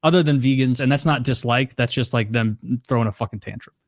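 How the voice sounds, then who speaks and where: A young man co-hosts a podcast in casual chat and gets animated as he tells a story. He laughs easily and slips into other people's voices along the way. His mid-range voice sounds dry and close. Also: mid-range voice, fairly quick, dry recording. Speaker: podcast co-host.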